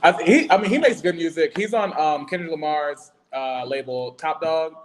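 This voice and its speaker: A man's voice: on the high side, normal speed, crowd noise, poor audio. A male guest in a casual chat, talking in a blunt, joking, profane way.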